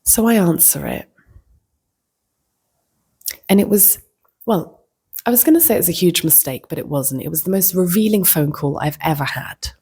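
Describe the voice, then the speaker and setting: Husky woman telling a story. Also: on the low side, expressive, moderate pace, long pauses. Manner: reflective, slips into soft whispers. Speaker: vlogger. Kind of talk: casual storytelling.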